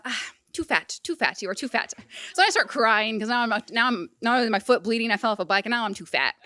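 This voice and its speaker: A young woman telling a personal story to a live audience, animated and comic. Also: medium pitch, smooth, no echo. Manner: animated, comic, quick bursts. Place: event hall before an audience.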